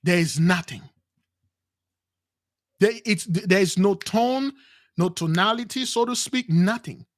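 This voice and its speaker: A man's voice: sits high, unhurried. A man telling a dramatic personal story to his listeners, acting out the quotes, with repeats and restarts. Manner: animated retelling with acted quotes, addresses "brothers"; non-standard grammar, repeats and restarts. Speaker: spiritual channel host.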